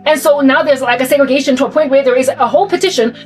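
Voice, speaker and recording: A woman's voice: high voice, steady tone, racing, a little mellow, soft background music, low-quality recording. A woman giving an impassioned, rhetorical monologue, often repeating her questions. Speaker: channel host. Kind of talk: monologue commentary.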